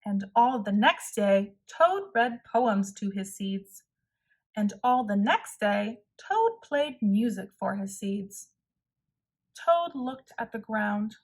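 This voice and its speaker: Slow, deliberate woman reading a storybook aloud. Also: mid-range voice, expressive. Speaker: narrator. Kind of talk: storybook read-aloud for children.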